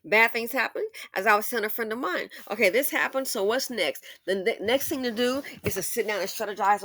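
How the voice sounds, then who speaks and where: A woman's voice: on the high side, fairly quick, few pauses, a bit bright. A woman hosting a commentary monologue, emphatic and preachy, repeating her points for force. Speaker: commentary channel host.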